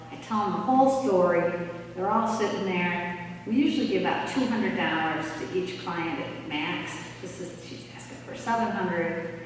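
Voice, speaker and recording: A woman giving a storytelling talk in a church, lively and acting out the people she quotes. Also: lowish voice, slight background noise. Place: church hall. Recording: echoey church hall, distant mic.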